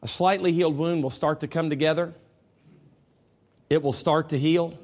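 A man of forty preaching a sermon, swinging from loud shouted lines to quiet prayer and restarting his words often. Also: on the high side, fairly even intonation, moderate pace. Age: 40s.

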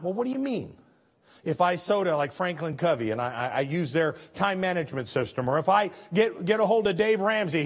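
A man preaching a sermon as pastor, folksy and conversational, swinging between emphatic lines and soft, hushed ones. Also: high-pitched. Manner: folksy, conversational, with chuckles and restarts.

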